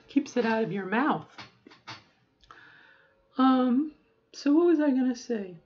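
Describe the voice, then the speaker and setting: A woman's voice: high-pitched, animated, slow, muffled recording. A middle-aged woman talking casually to camera, rambling with asides and often checking in with "okay?". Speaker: vlogger.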